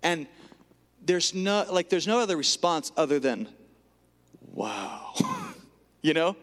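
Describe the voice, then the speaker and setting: A man preaching a sermon earnestly, rising to emphatic lines and dropping to hushed whispers. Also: high voice, big pitch swings, measured pace. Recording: long hall reverb.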